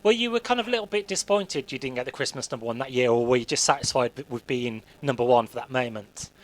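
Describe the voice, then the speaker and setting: A man's voice: medium pitch, fast. A man hosting a radio interview, hesitant and full of fillers. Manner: hesitant, many fillers and restarts. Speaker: radio show host.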